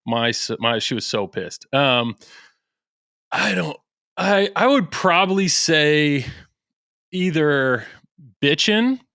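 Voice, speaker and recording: A man's voice: fairly high pitch, lively intonation, takes it slowly, gravelly, sharp tone, no room sound. Earnest, easygoing man with a dry sound. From American Midwest. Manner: earnest, self-deprecating, laughs easily. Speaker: podcast guest. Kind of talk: casual chat.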